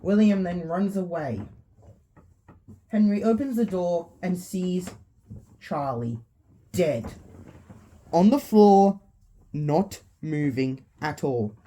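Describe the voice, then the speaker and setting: A woman's voice: fairly low pitch, dark tone. A woman casually narrating a fan story in a loose way, with fillers.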